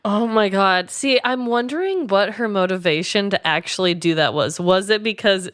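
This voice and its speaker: A woman co-hosting a podcast, chatting casually, expressive and quick to exclaim. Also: medium pitch, no echo, studio quality. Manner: expressive, laughs often, exclaims. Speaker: podcast co-host. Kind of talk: casual chat.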